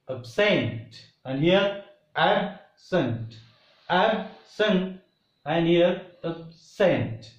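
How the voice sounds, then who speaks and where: Slow-paced man teaching. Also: a little high, roomy sound, low-quality recording. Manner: slow, deliberate, repeats example words. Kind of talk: pronunciation lesson.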